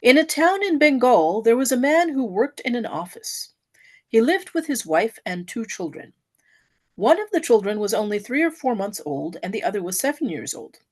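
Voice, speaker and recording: A woman's voice: a little high, normal speed. Woman reading a devotional story expressively. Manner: expressive storytelling, lively and earnest. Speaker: devotee giving an offering.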